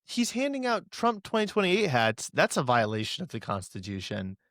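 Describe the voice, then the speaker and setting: A man's voice: fairly high pitch, huge pitch swings, normal speed, fairly bright tone, no echo, studio quality. A man co-hosting a political commentary show, talking in a sarcastic, indignant way.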